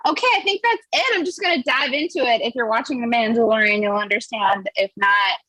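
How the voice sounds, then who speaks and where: A woman's voice: a little high, fairly quick, sharp tone, dry recording, low-quality recording. A woman comedian on a video call, singing a joke song with chatty, giggly asides.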